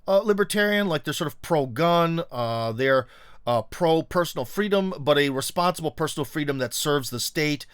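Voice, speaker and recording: A man's voice: on the high side, lively intonation, moderate pace, clean tone, no echo, clean studio sound. A man hosting a casual political commentary monologue, rambling with many fillers and restarts, and often sarcastic.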